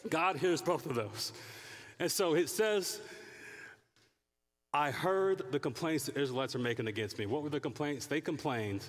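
A male pastor preaching a lively sermon, acting out people's prayers and complaints in different voices. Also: on the high side, moderate pace, long pauses, long reverb tail. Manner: animated, acts out prayers and complaints in character voices.

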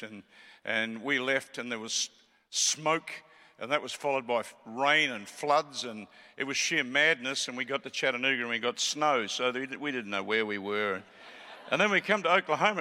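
Old aussie preacher guy, bright sharp voice, jokey then fired up, big echoey hall. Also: medium pitch. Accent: Australian. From Australia. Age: 70s. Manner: chatty and joking, building to fervent shouting. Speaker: guest preacher. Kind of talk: sermon with joking banter.

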